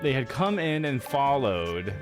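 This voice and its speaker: A man's voice: mid-range voice, sing-song, a little slow. A young man live streaming a game, chatting casually in a laid-back, self-deprecating way and laughing often. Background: game music.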